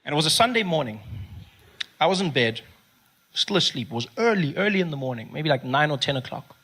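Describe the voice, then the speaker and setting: A man's voice: on the high side, lively intonation, brisk, a bit bright. A man telling a story in stand-up style, animatedly switching into voices for other people. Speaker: stand-up comedian.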